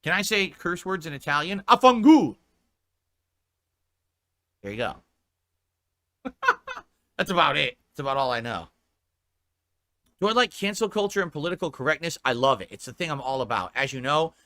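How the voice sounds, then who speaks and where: A man's voice: on the high side, animated, brisk, sharp tone. A man ranting on a live stream, reading chat comments aloud and answering them in a profane, exasperated way. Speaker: livestreamer.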